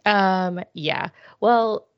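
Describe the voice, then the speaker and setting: A woman's voice: mid-range voice, very slow, smooth, no echo, dull audio. A woman co-hosting a podcast, talking casually in a drily understated way. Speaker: podcast co-host. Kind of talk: casual chat.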